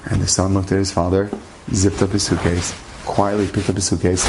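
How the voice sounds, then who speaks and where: A rabbi telling an inspirational story in a lively, conversational way, using Hebrew terms along the way. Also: male voice, sits low, brisk, background noise.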